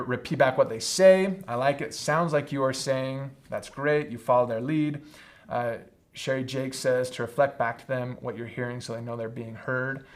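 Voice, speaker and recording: A young adult man hosting a live leadership training talk, explaining ideas earnestly and often checking in with "right?". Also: mid-range voice. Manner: earnest teaching tone, frequent "right?" tag questions.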